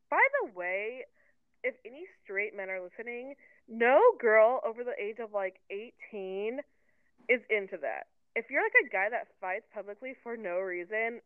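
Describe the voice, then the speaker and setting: A woman's voice: normal speed, smooth, no echo. Chatty woman on a tinny phone line. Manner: animated, acts out quotes with a raised pitch, fillers like "like". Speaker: podcast co-host. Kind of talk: casual chat recapping a reality show.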